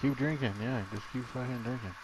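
A man's voice: mid-range voice, fairly even intonation, fairly quick, poor audio. A man playing an online game with a friend, giggling and swearing in casual chat. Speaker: gamer.

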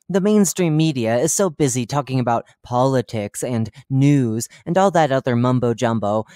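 A horror-story narrator puts on the voice of a chipper-seeming, clueless male radio host, delivering chatty on-air banter with deadpan dark humor, lightly acted. His pitch is an everyday middle range. The recording is close and dry, with no room sound at all.

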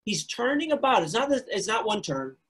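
A man preaching a sermon, retelling the story with animated storytelling and phrases repeated for emphasis. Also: sits high, normal speed, breathy edge. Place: recorded remotely.

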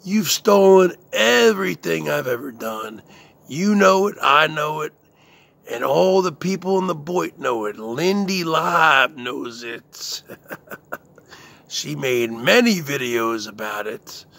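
A man hosting his own show, delivering a slow, boastful rant full of drawn-out catchphrases and chuckles. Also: fairly high pitch, expressive, creaky, a bit bright, no echo. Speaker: host.

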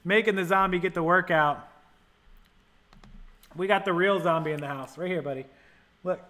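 High, bright-voiced livestream host. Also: male voice, normal speed. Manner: rambling, thinks aloud while fiddling with settings; thanks viewers for donations. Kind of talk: casual live-stream chat.

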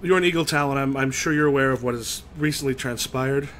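A man playing a smooth anxious merchant. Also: mid-range voice, quick pace, a bit bright, slight background noise, lightly acted. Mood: ingratiating. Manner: polite, ingratiating. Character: wealthy, anxious male merchant, smooth and flattering.

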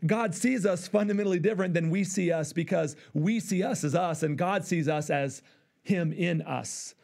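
Man, pastor, sermon, fairly high pitch, animated, acts out dialogue. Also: moderate pace, gravelly.

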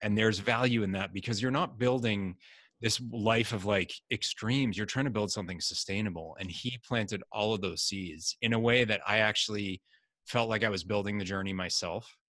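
This middle-aged man talks in a casual, animated way as an interview guest and acts out the lines of people in his stories. His voice sits on the low side. The sound is dry and close, with little room echo. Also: normal speed. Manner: animated storyteller acting out quotes.

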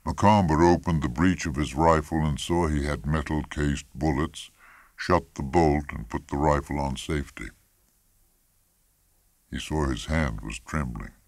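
A man narrating a literary short story in a measured, expressive audiobook reading, close to the mic. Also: a bass voice, no room sound. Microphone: close studio mic.

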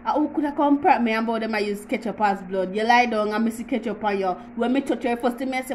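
A woman's voice: on the high side, animated, normal speed, a little hiss or hum, low-quality recording. A woman with a Jamaican accent hosting a casual home how-to vlog, chatty and teasing, with frequent laughs. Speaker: YouTuber.

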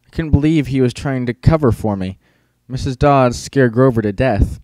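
A man's voice: medium pitch, normal speed, darkish tone, no room sound. A man narrating an audiobook in the first person, with a casual, wry, teenage-boy storytelling manner.

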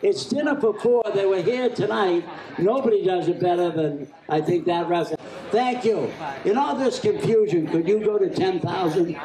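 High-voiced male auctioneer in echoey hall. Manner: joking, rapid bid-calling chant. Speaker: charity auctioneer. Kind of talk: live charity auction calling. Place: event hall at a charity gala. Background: crowd laughing and chatting.

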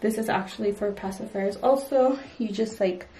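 A young woman gives a casual tour of her baby's nursery at home, rambling chattily with frequent "like" and "um." Her voice is mid-range, mellow and at a moderate pace, but the low-quality recording sounds reverberant and distant-miked.

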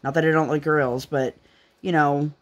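A woman's voice: low-pitched, steady tone, normal speed, lo-fi sound. Young woman host, chatty and rambling, casual crafting chat at home. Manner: chatty and rambling, many "like" fillers.

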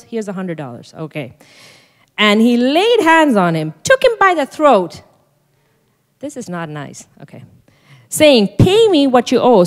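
A woman pastor preaches at a conference with emphatic, repeated phrases and frequent questions to her listeners. Her voice sits at an ordinary middle pitch. It rings out with a long reverb in a large hall. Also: a little mellow. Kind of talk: sermon.

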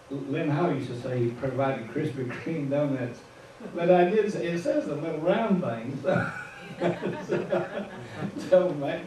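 Midwestern guy preaching casual in church, chuckly storyteller, voice kinda high, big echo like the mic's across the room. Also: a little mellow, a little hiss or hum. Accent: Midwestern American. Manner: folksy storytelling, chuckles at his own asides. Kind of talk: informal sermon. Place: church sanctuary. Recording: echoey room, far from the mic.

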